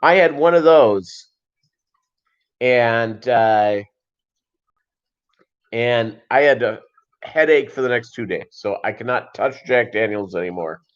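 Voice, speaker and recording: A man's voice: medium pitch, lively intonation, slow pace, pauses often. Rambling man telling a story, lo-fi. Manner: rambling, loose, with many restarts and asides. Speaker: livestream host.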